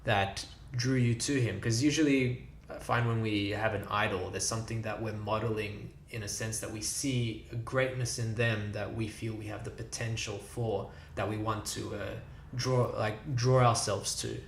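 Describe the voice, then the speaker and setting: A man's voice: lowish voice, steady tone, moderate pace. Man, podcast host, probing questions, faint background hum, echoey room. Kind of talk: casual podcast interview.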